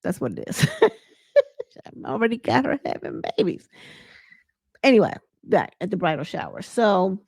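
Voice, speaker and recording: Chatty woman with a lively, swooping voice. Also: mid-range voice, normal speed, vocal fry, long pauses, slightly rough, dry recording, studio quality. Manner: chatty, animated retelling with acted quotes and laughs. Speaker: show recap host. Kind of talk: casual reality TV recap.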